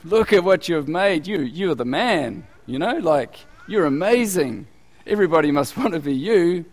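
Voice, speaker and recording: A man's voice: a little high, lively intonation, moderate pace, long reverb tail. A man voicing an ancient king who congratulates himself on his own greatness. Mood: boastful. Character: boastful male ancient king praising himself.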